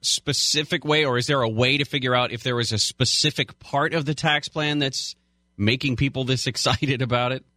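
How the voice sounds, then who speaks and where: A man's voice: medium pitch, fairly even intonation, normal speed, sharp tone, dry recording, clean studio sound. A man co-hosting a talk radio show, rambling with hesitant asides. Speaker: radio co-host.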